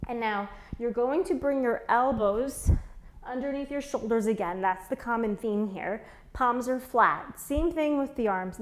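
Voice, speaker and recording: A woman leading a beginner plank workout, counting down holds and coaching form, strained while doing the moves herself. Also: on the high side. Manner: counts reps aloud while exercising, strained on hard holds. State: shaking from effort during holds. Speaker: fitness instructor. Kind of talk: guided workout instruction.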